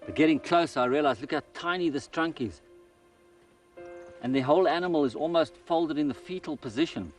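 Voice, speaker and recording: A man presenting a wildlife documentary on location outdoors in a desert, chatting lively and coaxing an animal he photographs. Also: on the high side, a little fast, soft background music.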